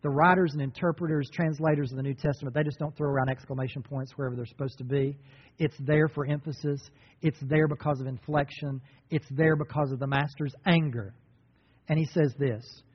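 A man's voice: fairly high pitch, moderate pace, breathy edge, long reverb tail, lo-fi sound. A male pastor delivering a sermon, preaching emphatically with lots of repetition.

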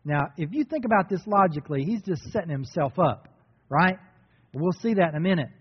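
A man's voice: sits high, animated, a little fast, husky, long reverb tail, dull audio. A male pastor delivering a sermon, preaching emphatically with lots of repetition.

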